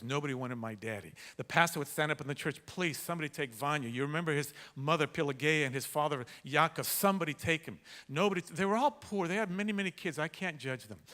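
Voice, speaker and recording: A man preaching a sermon as a pastor, telling a story in an animated way that swings from hushed to shouting. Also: sits high. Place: large church hall. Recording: long hall reverb.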